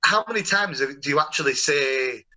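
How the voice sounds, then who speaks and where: A young man hosting a relaxed call, telling stories in a rambling, chatty way with plenty of restarts. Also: on the high side, normal speed, poor audio. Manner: chatty, rambling, warm storytelling with many restarts. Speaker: host. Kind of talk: casual video-call chat.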